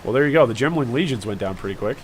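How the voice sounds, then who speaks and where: A man's voice: medium pitch, expressive, very fast, slight background noise. A man streaming a game live, chatting casually and rambling with jokey asides to his viewers. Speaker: gaming streamer.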